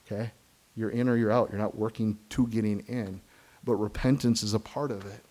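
A middle-aged man preaching a sermon, earnest and emphatic, breaking into short laughs and quick asides. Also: lowish voice, steady tone, warm tone. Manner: acts out quoted voices of kids and believers. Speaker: pastor.

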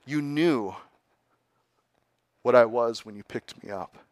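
A cunning rattlesnake, voiced by a man in a sermon story, coaxing and pleading with slow, deliberate words. The voice sits a little above the speaker's own and carries more volume. The sound is close and dry. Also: medium pitch, no echo, lightly acted. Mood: cold. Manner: pleading then coolly blunt. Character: cunning persuasive rattlesnake, male, sly.

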